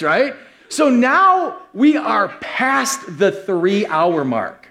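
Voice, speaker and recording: A man preaching a sermon to a live congregation, telling a funny story with lively, joking delivery. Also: sits high, extremely slow, gravelly. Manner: animated, joking, acts out quoted voices. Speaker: pastor. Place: church hall with a live congregation.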